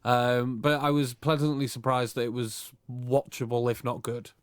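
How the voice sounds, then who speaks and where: A man's voice: mid-range voice, flat delivery, normal speed, no echo, studio quality. A man co-hosting a casual podcast chat, rambling and correcting himself as he goes. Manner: rambling, easygoing, self-correcting. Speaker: podcast co-host.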